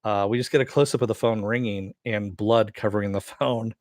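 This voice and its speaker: A man's voice: lowish voice, fairly even intonation, brisk, no room sound, clean studio sound. Casual swearing man recapping a show. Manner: rambling, frequent "uh" and "you know", swears casually. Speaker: TV episode reviewer.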